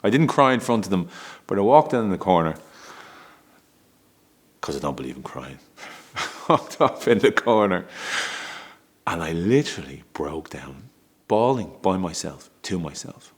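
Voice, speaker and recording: Very deep-voiced man telling a candid story. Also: big pitch swings, husky. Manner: candid, halting, with frequent restarts and laughs. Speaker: father telling a personal story. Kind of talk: emotional personal storytelling.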